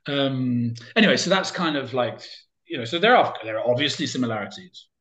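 A man's voice: medium pitch, expressive, fairly quick, fairly bright tone. A man chatting casually as an interview guest, talking in loose, rambling sentences full of fillers and restarts.

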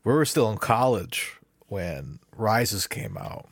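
A man in his thirties co-hosting a casual podcast, fond of rambling side stories. His voice is gravelly and a little husky, with lively swings in pitch, on a dry close mic. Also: slow, no room sound. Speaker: podcast co-host. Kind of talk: casual movie podcast chat.

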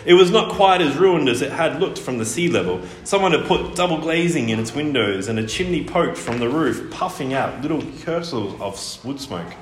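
A man reading a children's storybook aloud, expressive and lively with his delivery. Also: fairly high pitch, normal speed, hardly any pauses. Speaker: audiobook reader. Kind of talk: storybook narration. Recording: roomy echo, faint noise.

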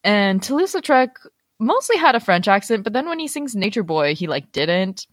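A young woman co-hosting a casual podcast chat, talking quickly with lots of filler words and animated retellings. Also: mid-range voice, no echo, studio quality. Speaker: podcast co-host.

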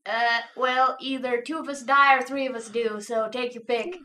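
A woman's voice: on the high side, steady tone, normal speed, sharp tone. A woman playing a tabletop game, chatting casually with dry humor. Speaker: player.

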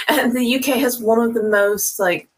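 A young woman with a mixed transatlantic accent, chatting casually as a guest with many pauses and restarts. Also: fairly high pitch, steady tone, a bit bright. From Texas. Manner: hesitant, many fillers and restarts. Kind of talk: casual chat.

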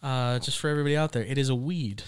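A man co-hosting a sports podcast, chatty and animated, sharing trivia and laughing often. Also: medium pitch, racing, smooth. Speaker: podcast co-host. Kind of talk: casual sports talk.

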